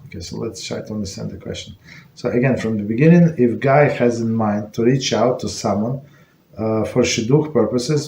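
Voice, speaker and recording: Halting man teaching a class in an echoey room. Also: mid-range voice, dark tone. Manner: halting, many fillers and restarts. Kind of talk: informal Torah lesson. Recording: echoey room with faint noise.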